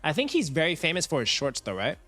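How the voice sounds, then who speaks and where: Animated young man chatting on stream. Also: a little high, quick pace, soft background music. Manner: animated, chatty, talks to chat, laughs often. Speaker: finance livestreamer. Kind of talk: casual livestream chat.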